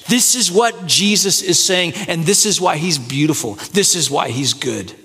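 A man preaching a sermon, rising to excited peaks and then falling soft and low. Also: moderate pace, hardly any pauses. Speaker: pastor. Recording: echoey hall with long reverb.

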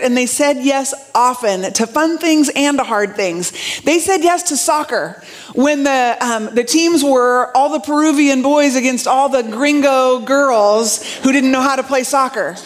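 A middle-aged woman pastor preaching a sermon in a chatty way, talking straight to the congregation. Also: high voice. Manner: warm, chatty, addresses the congregation directly.

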